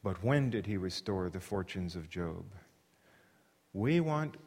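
A man's voice: sits low, lively intonation, unhurried, a little mellow, breathy edge. A man preaching a sermon in an earnest, emphatic way, sometimes restarting his phrases. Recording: long hall reverb.

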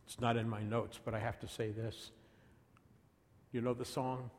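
A man preaching a sermon, reading scripture dramatically and dropping to a hush at moments. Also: medium pitch, level tone, normal speed. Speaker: pastor. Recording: long reverb of a large hall.

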